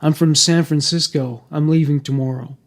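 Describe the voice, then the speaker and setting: A man voicing a carefree, dismissive woman in a story, reading her lines quickly and breezily. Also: fairly high pitch, steady tone, creaky. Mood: breezy.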